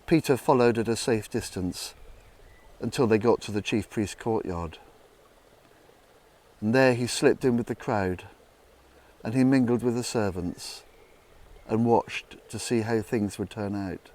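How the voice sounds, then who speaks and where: A man narrating a Bible story in a dramatic retelling style, dropping to hushed tones. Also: measured pace, pauses often. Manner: dramatic, hushed low passages.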